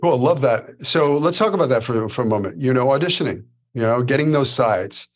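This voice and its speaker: A man's voice: medium pitch, animated, fairly quick, close to an everyday voice. A man hosting an interview, affirming and conversational. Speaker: podcast host.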